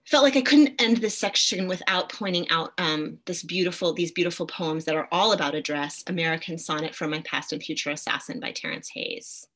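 A woman's voice: on the low side, brisk, hardly any pauses, fairly bright tone. Enthusiastic woman teaching poetry. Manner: enthusiastic, reads poems aloud expressively. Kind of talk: masterclass lecture with poem readings.

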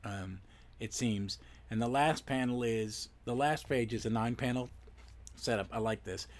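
A man's voice: mid-range voice, unhurried. A man hosting a podcast, recapping a comic book on his own in a rambling way, full of self-corrections and fillers. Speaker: podcast host.

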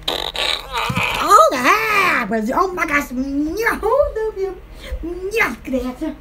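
A woman's voice: high-pitched, sing-song, measured pace, very noisy. A woman hosting her own channel, rambling playfully and giggling as she acts out silly scenes. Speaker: channel host.

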